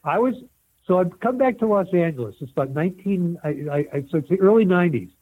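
An older man, a set medic and former film extra, telling rambling, animated stories in a casual interview. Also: sits high, quick pace. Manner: rambling animated storyteller with many restarts. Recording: tinny phone-like line.

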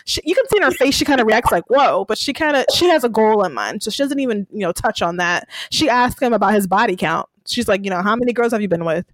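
Chatty higher-voiced woman recapping. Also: expressive, fast talker, hardly any pauses, dry recording, low-quality recording. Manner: chatty storytelling, laughs often, many fillers. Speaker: podcast host recapping a TV episode. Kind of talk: casual chat.

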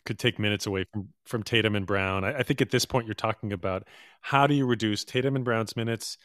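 A man's voice: fairly low pitch, quick pace, fairly bright tone, no room sound, studio quality. A man co-hosting a casual basketball podcast, offering opinions in an easygoing way with fillers. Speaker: podcast co-host.

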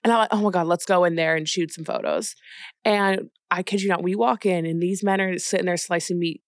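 A woman's voice: on the low side, expressive, a little fast, no echo, studio quality. A young woman co-hosting a podcast, telling stories in casual chat and acting out what people said. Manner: chatty storytelling, acts out quotes. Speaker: podcast co-host.

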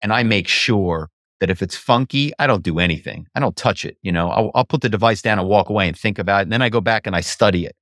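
Animated storytelling man, dry sound. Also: on the low side, fast talker, hardly any pauses, no room sound. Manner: animated storyteller, many "you know" asides. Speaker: guest, former actor and corporate spy. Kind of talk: conversational interview storytelling.

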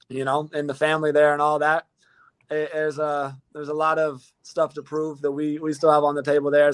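Brief: athlete guest, young man, somewhat high voice, earnest and rambling, flat tone. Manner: earnest, rambling with many restarts. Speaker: pro football player guest. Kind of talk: casual interview talk.

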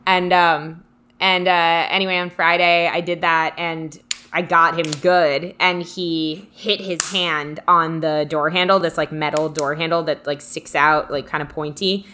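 Young woman co-host, lower-pitched yet bright and forceful, reflective and rambling. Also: flat delivery, measured pace, slight background noise. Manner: rambling and reflective, many fillers. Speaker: co-host reading live comments. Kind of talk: casual live-stream chat.

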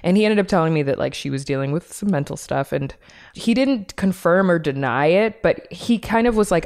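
A woman's voice: on the low side, lively intonation, moderate pace, a little mellow. A woman in her thirties, a podcast guest, talking candidly in a blunt, swearing, laughing casual chat.

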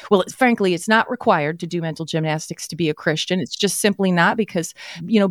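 A woman's voice: medium pitch, no room sound, studio quality, lightly acted. A woman playing an earnest, folksy Christian mother who hosts a talk show and nitpicks word choices, on an improvised comedy podcast. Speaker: host.

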